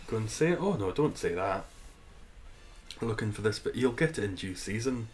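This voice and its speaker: Low-voiced man chatting on stream. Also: expressive, normal speed, pauses often, a little hiss or hum, poor audio. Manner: chatty, reads and answers chat, laughs often. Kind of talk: casual live-stream chat.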